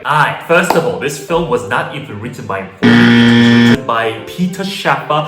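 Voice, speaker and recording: Lively, opinionated male lecturer. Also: on the high side, moderate pace, few pauses. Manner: animated and opinionated, loose slang. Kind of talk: casual video lecture. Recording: roomy echo, faint background music.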